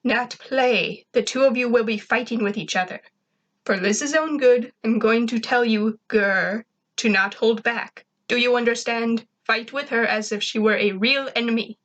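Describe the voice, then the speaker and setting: A woman's voice: on the high side, moderate pace, highs cut off, lightly acted. A woman voicing a blunt, bossy alien invader. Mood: commanding. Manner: blunt, commanding, speaks of himself grandly. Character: stern bossy male alien invader, proud leader. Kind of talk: amateur story reading.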